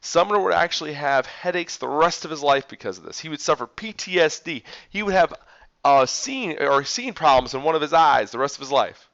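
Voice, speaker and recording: A man teaching history as a story, animated and dramatic, with big swings in loudness. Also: a little high, fairly quick. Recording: dull lo-fi recording.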